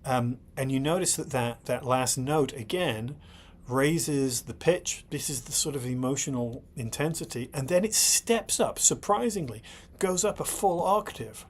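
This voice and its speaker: A man's voice: medium pitch, measured pace, a little hiss or hum. Thoughtful middle-aged man analyzing lyrics. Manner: thoughtful, repeatedly checks in with "right?"; blunt and exasperated when scolding critics. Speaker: host. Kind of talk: analytical commentary on song lyrics.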